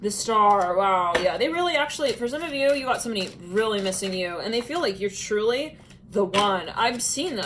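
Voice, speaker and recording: A woman's voice: a little high, expressive, quick pace, noisy background. A woman giving a casual tarot reading, chatty and musing, often breaking into laughter. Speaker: tarot reader.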